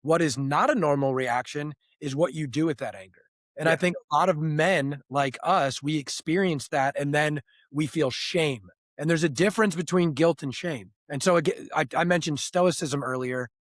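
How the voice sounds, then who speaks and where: A man's voice: a little high, normal speed, no room sound, studio quality. A man hosting an interview, earnestly reflecting and drawing on his own experience. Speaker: host. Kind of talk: conversational interview.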